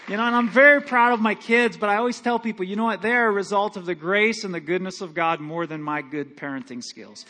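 A middle-aged pastor delivers his sermon in a notably high male voice. He talks like a good old country boy, folksy and animated, slipping into quiet asides before building to loud, urgent climaxes. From Michigan. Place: church sanctuary.

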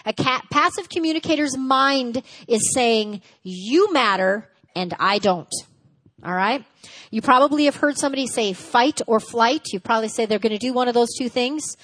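Lively woman teaching at church. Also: on the high side, normal speed. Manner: lively, acts out little dialogues, checks in with "all right?". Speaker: church speaker. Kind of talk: teaching sermon. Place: church service.

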